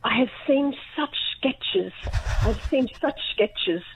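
A woman voicing her posh, prim elderly grandmother in a hushed, appalled tone. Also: a little high, lively intonation, takes it slowly, a little hiss or hum, pitched above the performer's own voice, low-quality recording.

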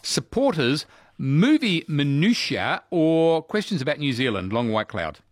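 A man's voice: on the high side, a little slow, dry recording, clean studio sound. A man hosting a radio quiz and chatting easily with callers. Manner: chatty, easygoing, lively intonation.

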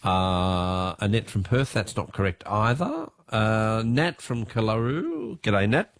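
A man's voice: fairly low pitch, very animated, slow, dry recording, clean studio sound. A man with an Australian accent hosting a talkback radio quiz, joking with callers, and he has a cold. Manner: jokey, chatty, laughs often. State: has a cold, voice lower than usual.

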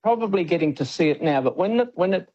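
A man's voice: high-pitched, expressive, fast, slightly rough, lo-fi sound. An older Australian man, a dog trainer, talking as a guest in a radio interview, plain-spoken with frequent restarts.

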